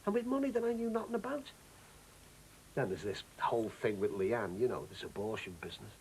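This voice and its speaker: A man's voice: fairly low pitch, big pitch swings, a little fast, darkish tone, a little hiss or hum, rough recording. An actor playing a lonely middle-aged husband, rambling and hesitant as he confides. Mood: troubled. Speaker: troubled husband. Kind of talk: soap opera acting.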